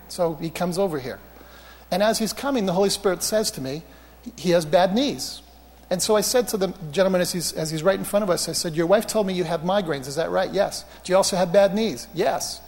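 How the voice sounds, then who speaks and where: Man, high-pitched voice, preaching, anecdotal and joking, echoing hall. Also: fairly quick. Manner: anecdotal, animated, self-mocking humor. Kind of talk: storytelling sermon.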